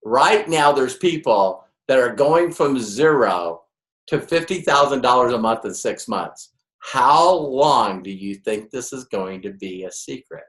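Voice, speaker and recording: A man in a live network marketing training speaks unhurriedly in an animated, mid-range voice with a bit of brightness. His motivational seminar style is emphatic, packed with rhetorical questions and acted-out quotes, recorded with a roomy echo.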